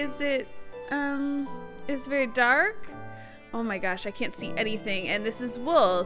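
A bright, high-pitched woman talks her viewers through a game in casual let's-play chatter. Her voice swings widely up and down, and she takes her time, fretting and then cheering herself on. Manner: excitable, self-cheering, nervous chatter to viewers. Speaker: gaming channel host.

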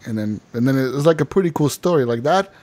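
A man hosting a casual gaming podcast, telling animated stories and laughing often. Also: mid-range voice, quick pace. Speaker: podcast host. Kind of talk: casual chat.

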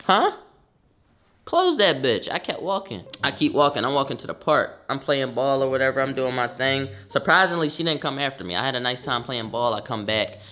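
A young adult man telling a storytime vlog in a slangy, profane, animated way with sudden loud bursts. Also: mid-range voice, fairly quick, few pauses. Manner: profane, conversational. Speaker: storytime vlogger.

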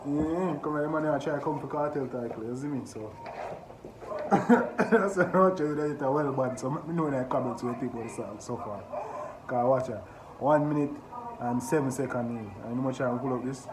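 Excitable Jamaican man in an echoey room. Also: mid-range voice, normal speed. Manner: excitable, keeps asking "you see me?". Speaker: music reaction host. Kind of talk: casual reaction commentary. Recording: echoey room with background noise.

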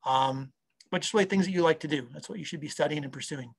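A man's voice: a little high, fast, vocal fry. A middle-aged man, a company founder, talking casually and rambling with lots of fillers. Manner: rambling, full of fillers and acted-out quotes. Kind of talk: casual talk to an online audience.

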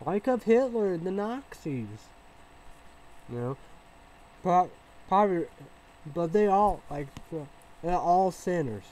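A man rambles through a casual vlog monologue. He repeats himself and trails off into fillers, swinging between low mumbles and loud bursts. A faint hiss runs under his voice. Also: expressive, slow pace, pauses often, low-quality recording. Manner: rambling, repetitive, with many fillers and restarts. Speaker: vlogger.

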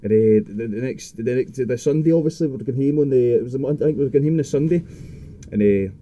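Scottish guy, young adult, rapid rambling storyteller, very dark voice, swears a lot. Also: medium pitch, muffled recording, a little hiss or hum. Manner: rambling, heavy swearing, frequent restarts. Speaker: podcast guest. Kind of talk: casual chat.

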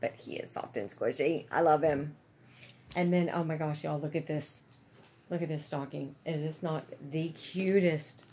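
A middle-aged woman, chatting to her viewers in a rambling, gushing, excited way. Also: low-pitched, unhurried, slight background noise. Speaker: vlogger. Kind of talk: casual chat to camera.

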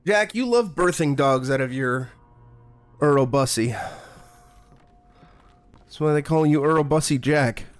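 A man's voice: a little high, takes it slowly, long pauses, dry recording, soft background music. A man streaming a horror game, talking in a casual, profane, sarcastic way and playing up being scared. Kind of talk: casual gameplay commentary.

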